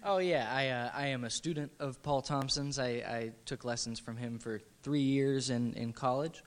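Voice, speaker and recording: A young man guesting on a radio show, a musician talking in a halting, self-deprecating, joking way. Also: mid-range voice. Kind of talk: casual radio interview chat.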